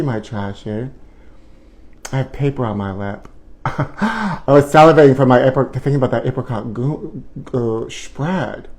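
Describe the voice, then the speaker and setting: A man's voice: a little high, darkish tone. Campy, flamboyant man hosting comedy. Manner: flamboyant, drawn-out words, sudden squeals. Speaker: comedy show host. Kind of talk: campy live comedy chat.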